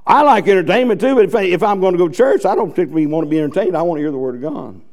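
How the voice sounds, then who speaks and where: A man's voice: sits high, racing, darkish tone. A man preaching a fiery, folksy sermon with bursts of emphasis.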